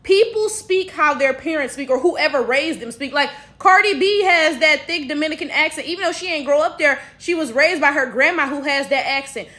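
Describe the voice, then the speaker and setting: An American woman delivers a casual commentary vlog in a high voice with a bright, sharp edge. She talks bluntly and swears freely. She peppers her points with rhetorical asides aimed at her viewers. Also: normal speed, hardly any pauses. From United States.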